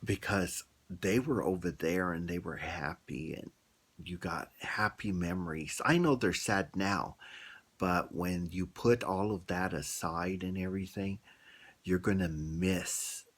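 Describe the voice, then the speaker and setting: Deep, husky man telling a story. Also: measured pace. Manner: chatty, asks the viewers questions. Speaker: vlogger. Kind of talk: casual storytelling commentary.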